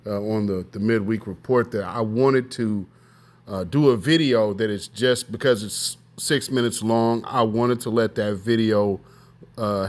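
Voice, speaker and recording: A man hosting his own online news commentary show, talking loosely with fillers and repeated set phrases. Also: fairly low pitch.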